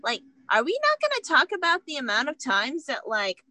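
Bright-voiced woman telling a story. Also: high-pitched, wildly swooping pitch, normal speed, no room sound. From United States. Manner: candid, laughing, acts out dialogue. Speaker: podcast guest. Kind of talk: casual storytelling.

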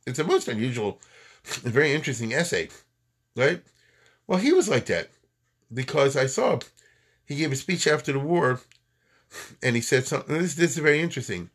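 A man's voice: medium pitch, very animated, brisk, long pauses, husky. A man giving an informal lecture, talking in a conversational way with rhetorical questions and many fillers. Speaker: lecturer on Jewish history and thought.

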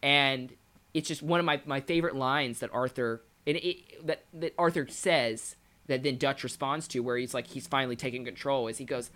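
A man's voice: mid-range voice, steady tone, moderate pace, bright, forceful tone. A man co-hosting a podcast in casual chat, passionate and analytical, often repeating words as he builds his point. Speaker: podcast co-host. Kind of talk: casual chat about a video game.

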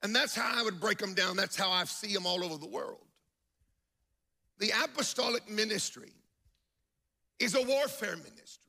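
A man's voice: high-pitched, normal speed, vocal fry, long pauses, pushed and bright. A man preaching a sermon to a congregation in church, emphatic and telling stories with acted-out quotes.

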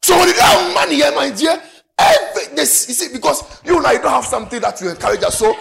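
A man with a Ghanaian English accent preaching a sermon to a congregation in a church, with an animated, sing-song delivery. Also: very high voice, fast talker, gravelly, background noise. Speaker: pastor.

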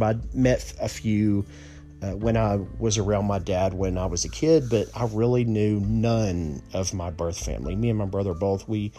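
A man tells a personal story at an easy, casual pace. He rambles, corrects himself and goes off on asides. Soft music plays faintly behind him. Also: lowish voice. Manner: rambling, many restarts and asides.

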